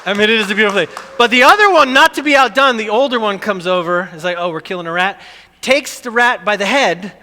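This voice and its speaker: A middle-aged male pastor tells a family story from the pulpit with lively, animated energy, acting out screams as he goes. His voice is high-pitched and very bright. The sound carries a long reverb, like a big hall. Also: fast, few pauses, slight background noise. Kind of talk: sermon.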